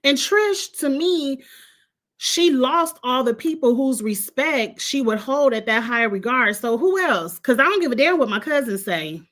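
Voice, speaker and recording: This woman, from Illinois, has a Midwestern-Southern US accent and offers a blunt, sassy take on reality TV in relaxed conversation. Her high voice is fairly bright, with lively intonation and a measured pace.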